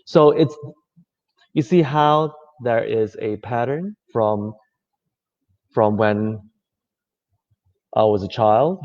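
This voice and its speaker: A man giving a reflective talk, speaking gently and conversationally, with many fillers. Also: lowish voice, gravelly. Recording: slightly dull lo-fi audio.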